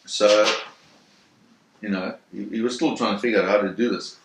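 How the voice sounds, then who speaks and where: A man in an interview telling a first-hand story in a vivid, animated way, acting out the sounds and voices. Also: lowish voice, normal speed, background noise. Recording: roomy echo.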